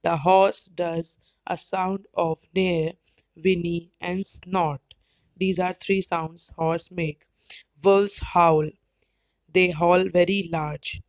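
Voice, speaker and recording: A woman teacher with an Indian English accent, explaining slowly and carefully, sometimes spelling words out letter by letter. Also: lowish voice, level tone, no echo, poor audio. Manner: careful, spells words out, brief animal imitations. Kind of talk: slow educational explanation.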